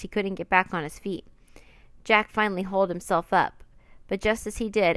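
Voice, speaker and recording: A woman reading a children's adventure book aloud with expressive, dramatic narration. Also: medium pitch, no echo. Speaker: storyteller.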